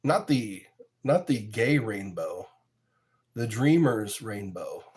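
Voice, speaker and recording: A man streaming live from his home setup, talking slowly with a lively, swooping pitch. He rambles from joke to joke, reads out viewer comments and laughs at his own lines. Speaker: livestreamer. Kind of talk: casual chat with live viewers.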